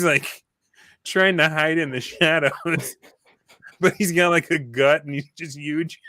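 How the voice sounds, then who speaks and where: A man's voice: a little high, dry recording. A man telling stories about a tabletop game session in casual chat, laughing often and acting out quotes. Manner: animated storyteller, laughs often, acts out quotes. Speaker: podcast guest, former game player.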